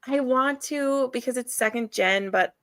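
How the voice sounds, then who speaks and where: A woman's voice: high voice, normal speed, fairly bright tone, clear, resonant tone, dry recording. A woman hosting a live reading stream, chatting casually and laughing often as she gushes about books. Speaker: readathon host.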